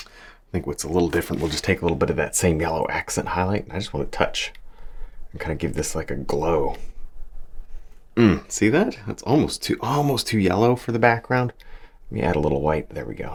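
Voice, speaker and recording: Brief: male painting teacher, very low gravelly voice, easygoing and encouraging, chuckles between steps. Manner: chatty, encouraging, chuckles often, talks while working. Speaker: painting instructor. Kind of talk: relaxed painting tutorial.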